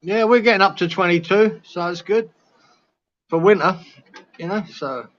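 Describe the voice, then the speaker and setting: Laid-back high-voiced man, muffled. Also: moderate pace, fairly bright tone. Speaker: stranger on a video call. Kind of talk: casual video chat.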